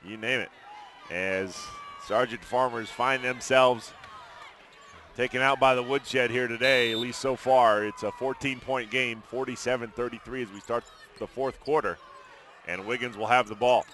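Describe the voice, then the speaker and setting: Man, play-by-play announcer, bright clear voice, brisk basketball commentary, faint noise behind. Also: medium pitch, steady tone. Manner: brisk play-by-play, chatty asides. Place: arena broadcast booth.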